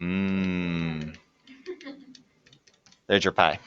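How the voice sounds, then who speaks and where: A man's voice: sits low, level tone, very slow, a bit bright, muffled recording. A man teaching a math lesson to a classroom and joking with his students as he works through problems. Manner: jokey, talks to students while working problems. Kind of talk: classroom lecture.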